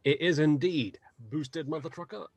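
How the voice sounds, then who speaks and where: A man's voice: a little high, moderate pace. Jokey man playing a tabletop game. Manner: jokey, playful. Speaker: player. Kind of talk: casual tabletop play.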